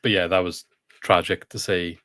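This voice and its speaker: A man's voice: deep voice, little pitch movement, normal speed, fairly bright tone, no echo, clean studio sound. A man hosting a casual podcast over a video call, chatty and steering the talk with questions. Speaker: podcast host.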